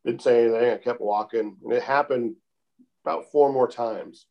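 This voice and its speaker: Man, calm storyteller in casual interview, unhurried, mid-pitched, keeps adding "I said.". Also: highs cut off. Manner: calm, unhurried, repeats "I said" often. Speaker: interview guest telling a story.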